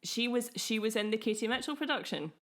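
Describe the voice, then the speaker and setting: A woman's voice: on the high side, animated, fairly quick, fairly bright tone. A young woman co-hosting a podcast, talking in an easy, enthusiastic way and laughing often. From Scotland. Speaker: podcast co-host. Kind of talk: casual podcast chat.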